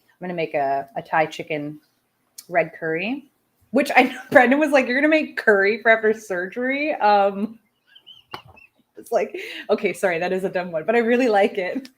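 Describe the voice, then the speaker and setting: A woman hosting a casual talk-radio show, ranting with lots of swearing and chatting about her day. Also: lowish voice. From outside the United States. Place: home studio, smoking while on air.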